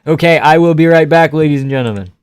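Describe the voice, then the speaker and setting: Man, live streamer, casual fight reactions, smooth voice, dry close sound, offhand, swears casually. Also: a little high, quick pace, a little mellow, dry recording.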